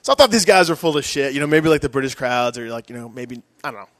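A man's voice: mid-range voice, lively intonation, fast, a bit bright, no echo, studio quality. A young man doing a stand-up comedy set in a club, rambling, self-mocking and crude.

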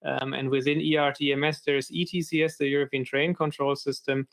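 A man's voice: mid-range voice, little pitch movement, fairly quick, creaky, fairly bright tone. A man presenting a technical talk on a developer video call, hesitant and full of fillers.

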